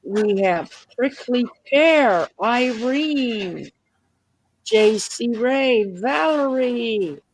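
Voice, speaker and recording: A woman's voice: a little high, animated, very slow, a little hiss or hum. A woman hosting a casual live stream, greeting viewers by name and joking around. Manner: jokey, reading out viewer names.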